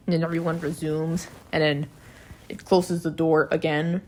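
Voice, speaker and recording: A woman's voice: sits low, flat delivery, moderate pace. A woman giving a casual, chatty recap of a cartoon episode, with blunt, profane reactions. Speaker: video reviewer.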